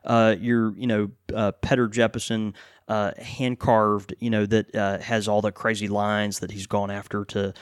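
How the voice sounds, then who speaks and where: A man co-hosting a casual podcast chat, relaxed and full of fillers and restarts. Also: fairly low pitch, unhurried, clean tone, no echo, studio quality. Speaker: pipe shop co-host.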